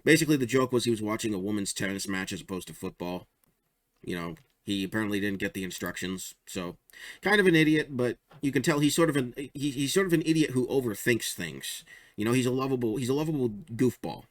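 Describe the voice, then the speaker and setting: A man's voice: mid-range voice, animated, fast, no echo. A man casually walking through his own comic strips, chatty and rambling, chuckling at his jokes. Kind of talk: casual show-and-tell commentary.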